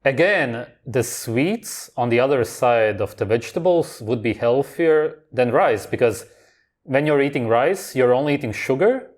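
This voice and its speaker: A man's voice: medium pitch, animated, measured pace. A man hosting a reaction video, commenting on clips in a blunt, dismissive, contrarian way.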